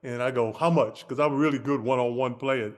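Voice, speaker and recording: A man co-hosting a podcast, telling a lively basketball anecdote and acting out the dialogue. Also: mid-range voice, quick pace, long reverb tail. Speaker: podcast co-host. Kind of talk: casual storytelling.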